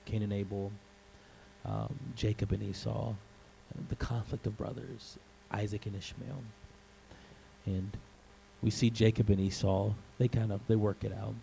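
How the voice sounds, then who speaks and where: A male pastor preaching a sermon in a church, telling the story in an animated way and acting out the scenes. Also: lowish voice, unhurried, creaky, slight background noise, low-quality recording.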